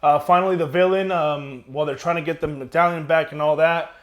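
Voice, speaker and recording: A man's voice: a little high, steady tone, brisk, slight background noise. A man co-hosting a casual movie review chat, chatty and chiming in often. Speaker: co-host.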